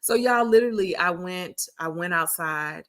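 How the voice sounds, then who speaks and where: On the low side and fairly bright, this woman's voice moves at a normal speed. In her forties, she hosts a relaxed livestream, chatting folksily and calling viewers honey and sugars.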